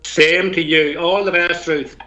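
A man's voice: fairly high pitch, steady tone, unhurried, sharp tone. A man from Tyrone with a Northern Irish accent, a guest poet who tells stories and recites a rhymed poem, chuckling between lines. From Tyrone, Northern Ireland.

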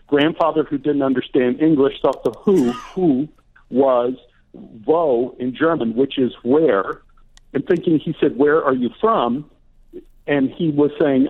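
A man in his sixties, an actor and author, who tells stories in a chatty, unhurried way as a radio guest. His voice comes through a thin, phone-like line. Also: medium pitch. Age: 60s. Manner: warm storyteller, chatty. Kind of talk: casual interview storytelling.

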